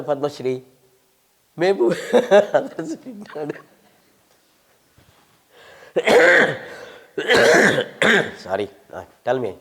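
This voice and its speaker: An older man from India with an Indian English accent, a scholar answering audience questions in an emphatic, lecturing way with wry humour. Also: sits high. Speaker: visiting Sanskrit scholar.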